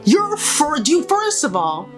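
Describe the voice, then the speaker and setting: A young woman with a slightly high voice talks casually as she does her makeup. She rambles through opinionated commentary, full of exasperated asides. Faint music plays behind her. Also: wildly swooping pitch, a little slow. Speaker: beauty and pop culture vlogger. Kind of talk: casual chat while doing makeup.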